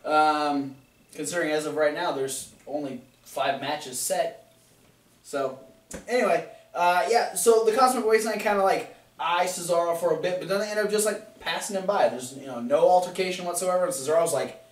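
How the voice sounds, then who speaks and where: A man's voice: fairly high pitch, normal speed, recorded from a distance. Chatty man recapping from across a roomy space. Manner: retells scenes, mimicking wrestlers in quoted lines. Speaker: podcast co-host. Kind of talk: casual wrestling recap chat. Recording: echoey room, voice off-mic.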